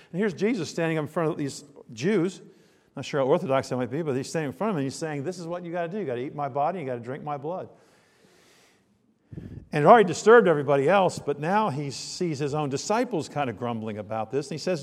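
A man preaching a sermon, dramatic, swinging between loud emphasis and hushed asides. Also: on the high side. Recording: long reverb of a large hall.

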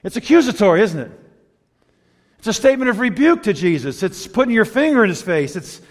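A man preaching in a church sanctuary, his slightly high voice ringing out with a long hall reverb. He tells his story with wide swings, pressing hard on key points and then dropping to a hushed, near-whispered hush. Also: very animated, fairly quick. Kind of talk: sermon.

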